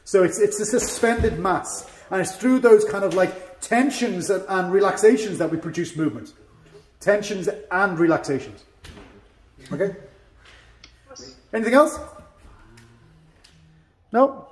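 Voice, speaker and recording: A man's voice: high voice, lively intonation, unhurried, long pauses. A man who is a karate instructor, explaining technique to his class in a chatty way with demonstrations and small self-mocking jokes. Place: training hall. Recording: echoey hall.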